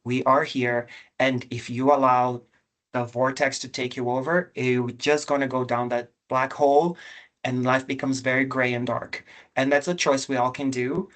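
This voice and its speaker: Man panelist, earnest and reflective, level monotone delivery, video call. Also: mid-range voice, normal speed. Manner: earnest, reflective, openly emotional. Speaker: panelist, government director. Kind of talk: panel discussion.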